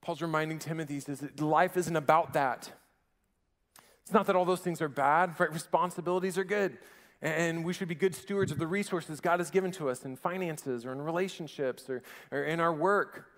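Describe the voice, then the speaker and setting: A man in his thirties giving a sermon in a slightly higher-than-average voice. He talks like he is chatting with his listeners, restarts phrases often and leans on casual fillers. His voice rings out with a long reverb, as if from a large hall. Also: brisk, a bit bright. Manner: conversational, frequent restarts and filler likes. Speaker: pastor.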